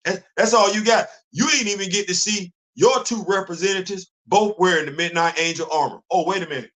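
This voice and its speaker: Animated high-voiced male stream host. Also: fairly quick. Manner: animated, rhetorical questioning, repeats himself. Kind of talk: live stream commentary.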